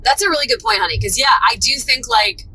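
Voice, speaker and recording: A woman co-hosting a podcast tells stories in a high, lively voice that swings widely. Her tone is bright and clear, and she laughs easily. A faint road hum runs behind her inside a moving car. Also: fast, poor audio. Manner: laughing, storytelling, expressive. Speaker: podcast co-host. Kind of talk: casual chat.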